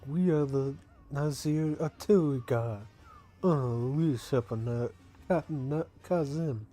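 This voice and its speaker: A man's voice: medium pitch, a little slow, mellow, soft background music, lightly acted. A man voicing a small, eager male guard in an attempted New York accent.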